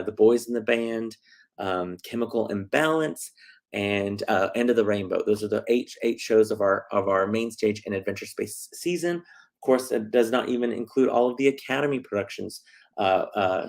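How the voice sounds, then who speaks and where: A middle-aged man hosting a casual theater talk show, excitable and full of fillers. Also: on the low side. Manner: chatty, excitable, lots of fillers. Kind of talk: casual livestream chat.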